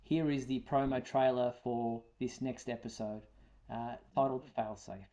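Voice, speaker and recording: This New Zealand-accented podcast host has a medium-pitched, dark voice with steady tone and highs cut off, speaking a little slowly. He runs a live fan chat show, chatting casually and talkatively with lots of fillers and restarts.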